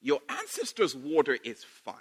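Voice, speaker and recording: A man preaching a sermon in a playful, animated way, laughing and repeating phrases for emphasis. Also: fairly high pitch, normal speed, husky.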